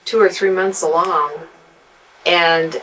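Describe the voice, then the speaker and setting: A middle-aged woman, an adult daughter, telling her mother a family memory with lively retelling. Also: on the low side, slight background noise, rough recording. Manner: animated when retelling, slow pace. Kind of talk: casual family storytelling.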